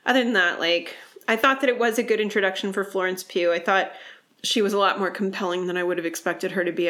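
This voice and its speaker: A woman's voice: lowish voice, a bit bright. A woman co-hosting a podcast, chatting casually and critically about a movie, peppering her talk with "like". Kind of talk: casual movie discussion chat.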